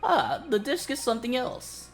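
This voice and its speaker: A woman's voice: fairly high pitch, sing-song, normal speed, faint music behind. A woman voicing a fussy, fawning male pawnbroker with an obsequious manner. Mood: smarmy.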